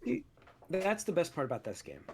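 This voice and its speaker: A man co-hosting a gaming podcast, chatting in a relaxed, agreeable way. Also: a little high, a little fast, slight background noise. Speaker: podcast co-host. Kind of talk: casual gaming podcast chat.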